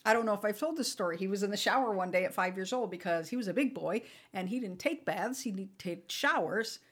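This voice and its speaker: A woman's voice: medium pitch, fairly quick, slightly rough. Middle-aged woman yakking casually, does little voices for the people in her stories. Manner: animated, acts out quoted dialogue with laughter. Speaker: podcast co-host. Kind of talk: casual chat, storytelling.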